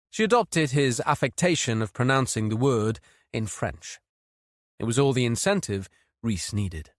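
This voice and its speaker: A man narrating a mystery thriller audiobook in a steady, measured read. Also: mid-range voice, no echo, studio quality. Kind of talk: scripted narration.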